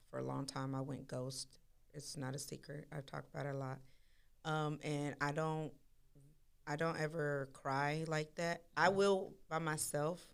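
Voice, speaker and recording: A woman chatting casually on a podcast. Her voice sits low and comes across smooth and resonant. She tells personal stories candidly, with plenty of slang. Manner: candid, animated storytelling with slang. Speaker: podcast co-host. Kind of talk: casual chat.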